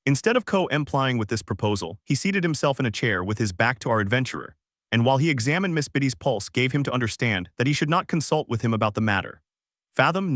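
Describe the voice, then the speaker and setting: A man narrates a classic novel for an audiobook in a steady, formal manner. His voice sits at an ordinary pitch. The recording is dry and close, with no room around it. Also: no echo.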